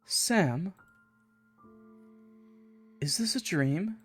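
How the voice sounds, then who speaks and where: A man voicing a frightened, tearful wife in a visual novel, speaking softly and hushed. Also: a little high, expressive, drawn-out words, husky, soft background music, heavily acted. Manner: soft, hushed delivery.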